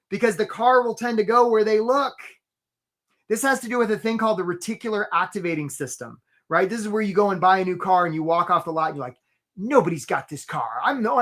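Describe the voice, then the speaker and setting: A man's voice: high-pitched, a bit bright. Male career coach hosting a live webinar; upbeat motivational delivery, conversational with tag questions. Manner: motivational, peppers lines with "right?".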